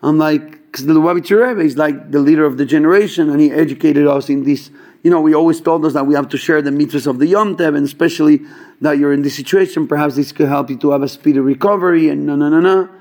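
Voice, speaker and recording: Man, casual storyteller, slightly high voice, filler-heavy, acts out dialogue. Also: quick pace. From Chabad yeshiva student background. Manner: animated, acts out quoted dialogue, many fillers. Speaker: storyteller at a gathering.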